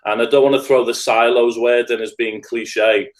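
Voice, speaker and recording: A man's voice: mid-range voice, steady tone, normal speed. A middle-aged man with a Scouse accent, speaking earnestly and thoughtfully as a podcast guest. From Liverpool, England. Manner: earnest, thoughtful, builds points in lists. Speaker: guest, restorative practice trainer. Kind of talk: reflective podcast conversation.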